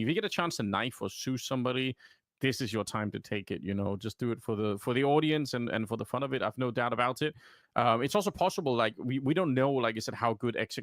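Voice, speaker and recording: A man's voice: medium pitch, a bit bright, no room sound, clean studio sound. A man giving casual esports panel commentary, enthusiastic and restarting his sentences. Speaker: esports analyst.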